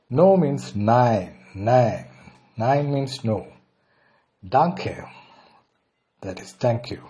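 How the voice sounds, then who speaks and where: A man from India with an Indian English accent, teaching a beginner language lesson and slowly repeating each phrase before translating it. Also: medium pitch, mellow.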